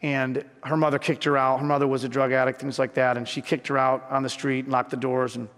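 A man's voice: medium pitch, flat delivery, fairly quick, fairly bright tone, big-room sound. A man preaching a sermon as pastor, telling a personal story earnestly and building to fervent emphasis.

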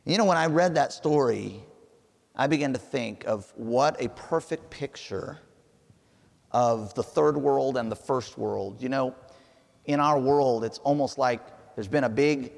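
Gravelly preacher in a big hall. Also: male voice, mid-range voice, unhurried. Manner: earnest storytelling delivery. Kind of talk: sermon.

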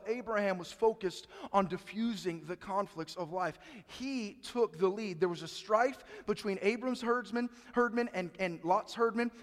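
Male preacher, high voice, swings loud to hushed, church hall reverb. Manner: preaching with rising emphasis and dramatic hushed drops. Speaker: pastor. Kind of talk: sermon. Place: church sanctuary.

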